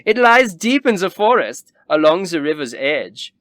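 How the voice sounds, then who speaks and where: A man voicing a snobbish, cruel rich nobleman who gushes in a high, giddy voice. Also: very animated, measured pace, a bit bright, no room sound, studio quality. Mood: gushing.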